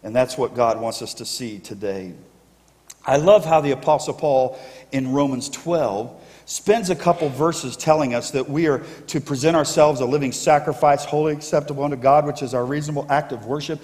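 In an echoey church sanctuary, a pastor with a mid-range, slightly mellow voice delivers a sermon at normal speed. He drives an emphatic call-and-response, urging the congregation to answer him back.

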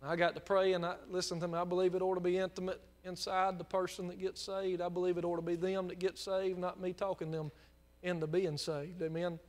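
A male pastor preaching a sermon, moving between quiet storytelling and impassioned, near-shouted exhortation. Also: sits high, flat delivery, brisk.

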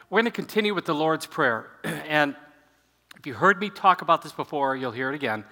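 Bright-voiced pastor in an echoey hall. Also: male voice, a little high, expressive, a little fast. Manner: conversational, leads congregation in prayer. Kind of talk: sermon. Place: church sanctuary.

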